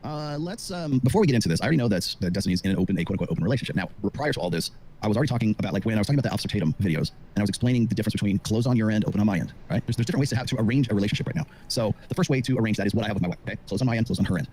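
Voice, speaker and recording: Middle-aged man, husky, rapid-fire self-assured podcast monologue. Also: fairly low pitch, lively intonation, a little mellow. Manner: rapid, confident lecturing with many fillers. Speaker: dating commentator on a show.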